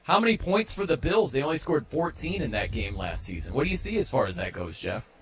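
A man hosting a sports talk radio show, energetic and chatty, with a husky voice. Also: on the high side, a little fast. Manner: energetic, mimics stadium chants.

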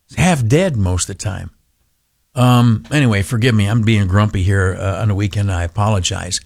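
A man's voice: on the low side, moderate pace, gravelly, darkish tone, no room sound, clean studio sound. A middle-aged man hosting a grumpy political monologue, ranting with stammered restarts and many fillers. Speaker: commentary host.

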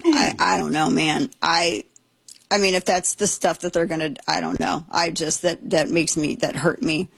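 Husky lady radio host, dry close mic, lots of "oh my gosh" disbelief and jokes. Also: deep voice, steady tone, normal speed, dry recording. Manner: incredulous, exclamatory, joking. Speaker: radio talk show host. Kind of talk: casual talk radio commentary.

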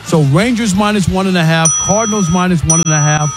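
A man hosting sports talk radio, arguing his point emphatically and acting out fans yelling. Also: sits high, brisk, loud music behind the voice. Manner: emphatic, argumentative, acts out fans' yelling.

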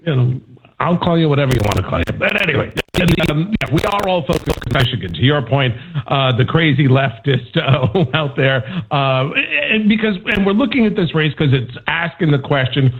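A man's voice: on the high side, breathy edge. A man, a national correspondent, talking through politics on a morning radio news show in a conversational way with many fillers and restarts. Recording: tinny phone line.

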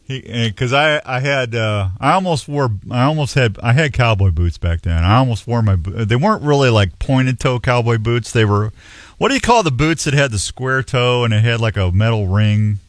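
A man's voice: mid-range voice, expressive, moderate pace, dry recording, clean studio sound. Rambling folksy man in his sixties. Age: 60s. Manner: rambling storyteller, folksy, many restarts. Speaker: radio show host. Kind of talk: casual radio chat with announcements.

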